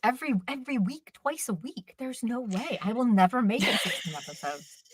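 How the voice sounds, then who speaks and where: A woman co-hosting a casual chat about dramas, talking in an animated, gushing way with quick asides. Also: fairly high pitch, slight background noise. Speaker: co-host.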